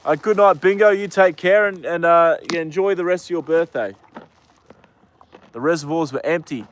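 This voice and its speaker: A man's voice: on the high side, normal speed, slight background noise. A young Australian man hosting a casual live stream outdoors with his horse, greeting viewers by name with lots of fillers. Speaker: livestream host.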